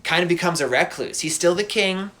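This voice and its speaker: A man casually retelling a myth as a podcast host, animated and slangy with laughing asides. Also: sits high, fairly quick.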